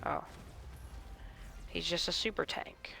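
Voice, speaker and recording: A man giving live gameplay commentary, excitable and talking to himself and his enemies, with mock British slang now and then. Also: slow pace, soft background music. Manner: excitable, talks to himself and the enemies mid-fight. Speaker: gaming channel host.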